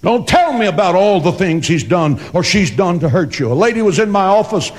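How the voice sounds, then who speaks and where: A pastor giving an emphatic, dramatic sermon to a congregation, mixing scripture with joking asides. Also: male voice, sits high, expressive, brisk. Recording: long reverb of a large hall.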